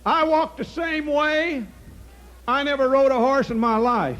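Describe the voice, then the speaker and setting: Folksy older comedian, high voice. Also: male voice, a little slow, fairly bright tone, dull audio. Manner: folksy, chuckles at his own jokes. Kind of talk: stand-up comedy monologue. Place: outdoor stage.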